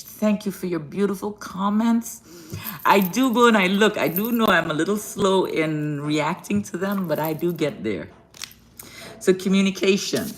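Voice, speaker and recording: There's a faint hiss or hum as a woman from Guyana, medium-pitched, reads cards for her live-stream audience in a hotel room. She's affectionate, laughs often, and greets people with darling and baby.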